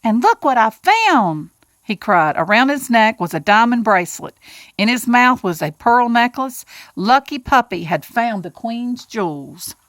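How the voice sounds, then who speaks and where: Reading a picture book to children, this woman does character voices and drops in small asides to her audience. Her voice is a little high, bright and lively in intonation, unhurried, with no echo.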